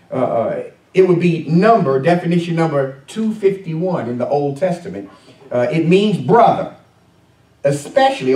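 A man preaching to his congregation in a loose, conversational way, pausing on filler sounds and asking the room questions. His voice sits a little higher than most men's. It is picked up from some distance in an echoey church. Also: darkish tone. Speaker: pastor. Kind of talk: sermon. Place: church sanctuary.

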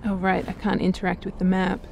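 A woman playing through a role-playing game, reading its text and chatting to herself as she goes. Her voice is mellow and dark with a gravelly fry, and her manner stays relaxed and unhurried, with a faint hiss under it. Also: mid-range voice. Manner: relaxed, thinking aloud. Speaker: game streamer. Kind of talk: casual let's-play commentary and reading game text aloud.

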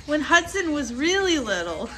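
A woman's voice: sits high, sing-song, normal speed. A woman hosting a casual home livestream with her young child, chatty and playful, laughing often. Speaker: livestream host and mother. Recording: livestream with music playing behind. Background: music playing.

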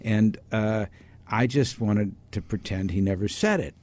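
A man's voice: fairly low pitch, unhurried. An older man, a doctor and author, telling stories in an interview, acting out quoted voices and often restarting his sentences. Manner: animated storyteller who acts out quoted voices, frequent restarts. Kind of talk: storytelling interview.

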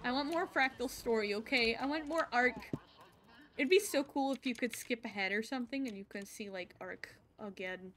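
A woman streaming a video game, chatting casually and excitedly with her viewers as she plays. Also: fairly high pitch, normal speed, slight background noise. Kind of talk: casual live-stream chat.

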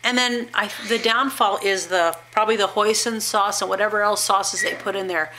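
A woman's voice: medium pitch, steady tone, moderate pace, pushed and bright, slight background noise. A woman in her fifties from the Pacific Northwest, chatting at home in a rambling, enthusiastic way for her video blog. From Pacific Northwest, USA. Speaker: juicing vlogger. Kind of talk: casual home vlog. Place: home with a pet bird.

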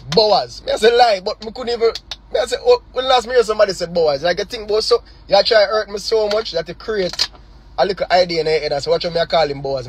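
A man's voice: sits high, a little hiss or hum, poor audio. A man with a Jamaican accent speaking in patois on a phone livestream, impassioned and confrontational, repeating words and firing rhetorical questions. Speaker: artist on a live stream. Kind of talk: heated direct address.

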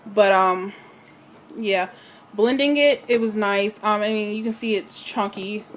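A woman talking through a casual home video diary, slightly out of breath, hesitant with many pauses and fillers. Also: mid-range voice, steady tone, a little hiss or hum. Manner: hesitant, many ums and restarts. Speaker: vlogger.

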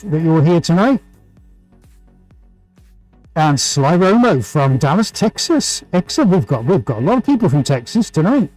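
A man's voice: a little high, a little mellow, low-quality recording. A man hosting a live painting stream, chatting casually, greeting viewers by name and laughing often. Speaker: livestream painting host.

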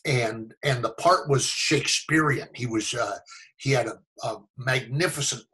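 An older American actor telling stories in a casual interview, animated and fond of acting out the voices of people he quotes. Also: medium pitch, unhurried, rough recording. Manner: animated storyteller, acts out quoted voices, chuckles often. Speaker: actor guest.

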